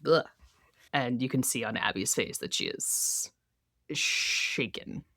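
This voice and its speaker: A woman's voice: very deep voice, slow pace, fairly bright tone, no echo, studio quality. A woman co-hosting a podcast, recapping a TV episode in casual chat, laughing often and acting out characters' lines. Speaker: podcast co-host.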